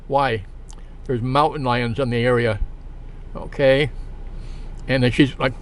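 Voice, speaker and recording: A man's voice: mid-range voice, a little hiss or hum. Rambling man telling a story. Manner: rambling and halting, full of fillers and restarts. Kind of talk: casual spoken anecdote.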